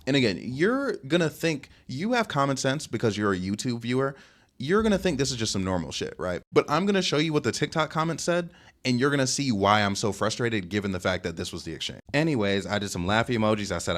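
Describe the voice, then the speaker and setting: A man in his twenties, rambling through a casual dating storytime with lots of fillers and sudden jumps in pitch. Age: 20s. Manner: fast rambling talk with many fillers, lively jumps in pitch; reads text messages aloud in a lower, softer voice. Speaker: vlogger telling a dating story.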